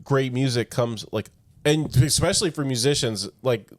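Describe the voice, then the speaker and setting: Animated man in a dry, close recording. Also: medium pitch, normal speed, no room sound. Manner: animated storytelling full of "like". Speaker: podcast co-host. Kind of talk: casual chat.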